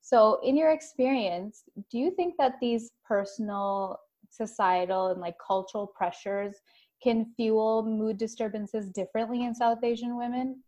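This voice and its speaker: A woman's voice: a little high, fairly even intonation, a little slow, a little mellow. A woman hosting an interview, asking questions and sharing personal stories openly with casual fillers. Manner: open, personal storytelling with fillers. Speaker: podcast host. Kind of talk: conversational interview.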